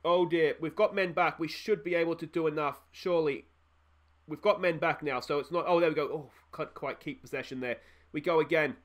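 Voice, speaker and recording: Excitable Australian man commentating his game. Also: fairly high pitch, a little fast. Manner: cheers and groans along with the match, breaks into excited shouts. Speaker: gaming video host.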